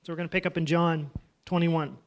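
A man with a high voice recounts a Bible story for children, paraphrasing scenes casually and repeatedly quizzing the kids. His delivery is flat and a little fast.

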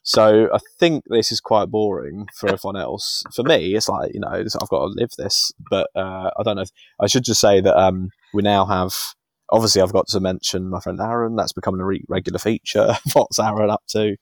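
Rambling low-voiced man. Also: a little fast, no room sound, studio quality. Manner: rambling, chuckling, self-deprecating. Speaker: podcast co-host. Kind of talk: casual podcast chat.

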